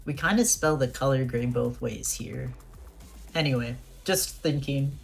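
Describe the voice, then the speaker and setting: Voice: medium pitch, measured pace, gravelly, faint music behind. A young adult streamer chatting casually while playing and reading dialogue aloud, often laughing and stammering on restarts.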